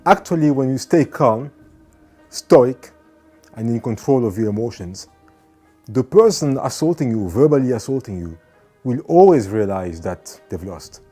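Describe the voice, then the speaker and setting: A man's voice: mid-range voice, animated, measured pace, soft background music. A man giving an earnest motivational talk, repeating his points and now and then acting out angry people. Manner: earnest, repeats phrases, acts out shouting people. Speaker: motivational speaker.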